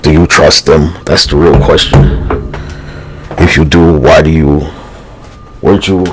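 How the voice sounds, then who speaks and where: A man's voice: extremely low pitch, fairly even intonation, slow, noisy background. A man rambling through a livestream monologue, profane and slangy, drifting between thoughts with sighs and fillers.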